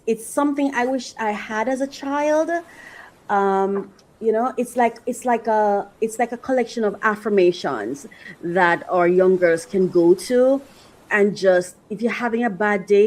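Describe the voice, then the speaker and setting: An earnest woman hosts her own podcast and speaks in a reflective solo monologue. Her voice sits at an ordinary middle pitch. She talks with emotion and faith, halting often and restarting her sentences as she gathers her thoughts. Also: darkish tone, low-quality recording. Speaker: podcast host and author.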